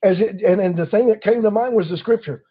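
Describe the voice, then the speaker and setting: A man's voice: high-pitched, fast, husky. A man in casual conversation, telling stories and acting out the people in them. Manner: storytelling, acting out quoted people. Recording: dull lo-fi audio.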